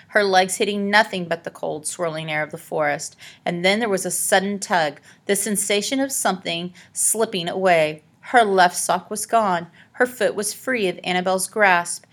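Audiobook narrator: woman, lowish voice, dramatic storytelling delivery. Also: normal speed, fairly bright tone. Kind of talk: scripted narration.

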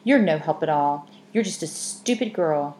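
A woman's voice: low voice, expressive, normal speed, a little mellow. Woman putting on a sulky little boy. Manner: sullen, accusing. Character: small bratty boy, sulky and reproachful. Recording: echoey room, faint hiss.

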